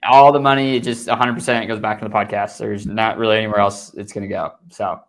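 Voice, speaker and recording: A man's voice: on the low side, fairly even intonation, fairly quick. A young man co-hosting a casual podcast, speaking in a laid-back way, often trailing off and restarting his sentences. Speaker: podcast co-host.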